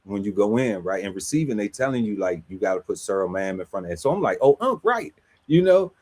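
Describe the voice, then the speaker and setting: Guy on a podcast panel, kinda low voice, telling a story, laughs a lot, slangy. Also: fast talker. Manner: animated, laughs often, slangy, acts out quotes. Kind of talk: casual storytelling chat.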